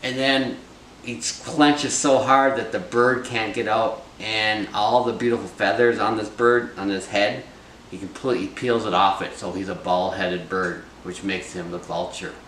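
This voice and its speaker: A man's voice: on the low side, fairly even intonation, normal speed, a bit bright, roomy sound, far from the mic, slight background noise, poor audio. Chatty man telling a folk tale. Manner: loose and chatty, full of "like". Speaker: storyteller. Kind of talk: casual storytelling of a folk tale.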